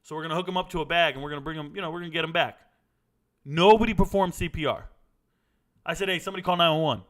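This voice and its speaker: Bright-voiced man telling a blunt story. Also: on the high side, quick pace. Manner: animated, blunt, swears casually. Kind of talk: casual storytelling.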